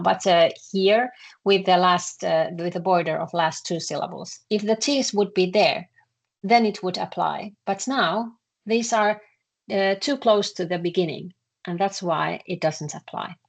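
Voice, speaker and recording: This Finnish-accented woman explains a language lesson at medium pitch with vocal fry, pausing haltingly, filling gaps with sounds, and repeating her words.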